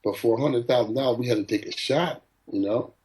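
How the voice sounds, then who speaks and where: Boxing trainer guy, middle-aged, spinning lively stories, plays out the quotes. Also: medium pitch, fairly quick, rough recording. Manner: animated anecdote-telling, acting out quotes. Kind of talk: storytelling in an interview.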